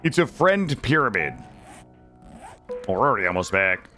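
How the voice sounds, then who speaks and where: A man's voice: lowish voice, sing-song, normal speed, bright, forceful tone, soft background music. A man from Vermont chatting casually with his live-stream chat while he plays, joking and swearing freely. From Vermont, USA. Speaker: gaming streamer.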